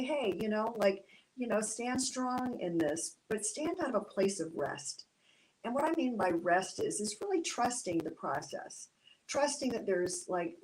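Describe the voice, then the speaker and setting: Woman art teacher, mid-pitched voice, casual and reflective, plenty of ums and restarts. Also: slight background noise, rough recording. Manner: reflective, gently encouraging, many fillers and restarts. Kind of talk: casual instructional talk.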